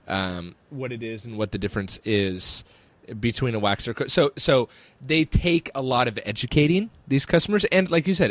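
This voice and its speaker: A man hosting a podcast for business owners, explaining things patiently and laughing along with his co-host. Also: fairly low pitch. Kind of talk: casual podcast chat.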